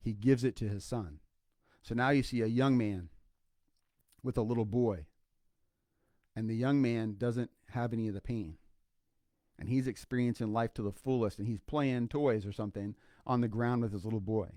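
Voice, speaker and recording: An older Iowa man, both grandfather and clinical psychologist, holds a solo, unscripted livestream for the podcast he co-hosts. His mid-range, dark-toned voice moves at a moderate pace with frequent pauses, captured cleanly in studio without room sound. He's earnest and casual, saying things more than once and filling gaps with fillers.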